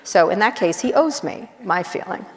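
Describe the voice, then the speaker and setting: A middle-aged woman journalist chatting casually on stage, blunt and wry, telling quick animated stories with asides. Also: medium pitch. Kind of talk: casual onstage conversation. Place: large university auditorium. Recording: long auditorium reverb.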